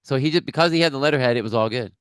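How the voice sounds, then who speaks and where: Podcast co-host, male, bright forward voice, quick reactive questions, dry recording. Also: mid-range voice, clear, resonant tone, dry recording. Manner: brief reactive backchannels and questions. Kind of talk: casual chat.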